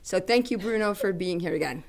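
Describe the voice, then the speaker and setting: A woman's voice: on the low side, brisk, darkish tone. Woman host, Dutch native speaker, hesitant, searching for words, livestream. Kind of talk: casual livestream hosting.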